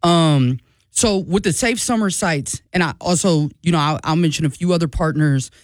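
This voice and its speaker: A man, a guest on a radio show, talking in a relaxed, conversational way with many fillers. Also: on the high side, normal speed, no echo, studio quality. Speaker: community program guest. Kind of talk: casual radio interview. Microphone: studio microphone.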